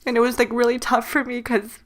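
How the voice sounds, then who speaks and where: A woman's voice: a little high, monotone, a little fast. A woman in her late twenties, a podcast co-host, telling a personal story while crying, talking loosely with many fillers. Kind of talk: casual chat.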